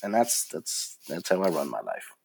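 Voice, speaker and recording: Husky-voiced man telling stories. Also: sits low, normal speed. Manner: animated storyteller, many fillers and restarts. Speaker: concert production guest. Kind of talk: casual interview storytelling.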